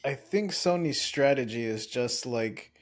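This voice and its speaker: A man's voice: medium pitch, animated, measured pace. A man co-hosting a podcast, chatting casually with a sarcastic manner and frequent laughs. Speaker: podcast co-host. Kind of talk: casual chat.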